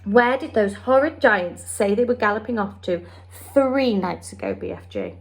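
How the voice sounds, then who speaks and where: A woman reading the part of a brisk, commanding queen, speaking in a regal, clipped way. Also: medium pitch, very animated.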